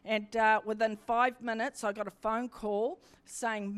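A woman's voice: a little high, little pitch movement, unhurried, few pauses. A middle-aged woman, preaching a sermon in a fervent, emphatic way, often repeating her phrases.

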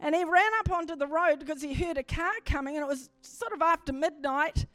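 High-voiced woman preaching a testimony. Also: fairly quick, no echo, faint music behind. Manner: animated storytelling that swells into fervent exhortation. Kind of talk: sermon testimony.

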